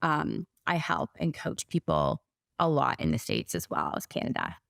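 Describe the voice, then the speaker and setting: A woman's voice: extremely low pitch, sing-song, normal speed, gravelly, a bit bright, dry recording, clean studio sound. A woman in her forties, a business coach for therapists, telling her story in a casual interview and acting out her own past words.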